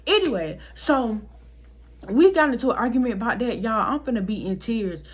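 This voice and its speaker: A young woman vlogger telling a personal story to her viewers in a casual, animated and emotional way, speaking straight to them and swearing freely. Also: fairly high pitch, moderate pace, husky.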